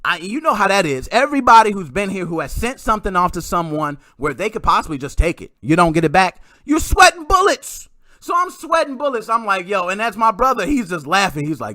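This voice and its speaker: A man hosting a podcast, telling a story in a casual, excitable way with some mild swearing. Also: high voice, brisk, no room sound, studio quality. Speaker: podcast host.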